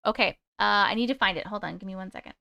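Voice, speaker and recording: A woman hosting a livestream talks fast in a mid-range voice that's creaky, pushed and bright. Between reading viewer stories aloud and chatting with commenters, she sings snatches of songs.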